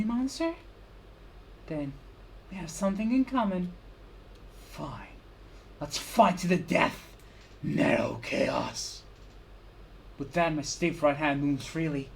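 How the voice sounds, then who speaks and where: A woman streamer giving an intense dramatic reading of a visual novel, swinging from hushed whispers to loud cries. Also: low voice, a little hiss or hum. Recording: clear background music.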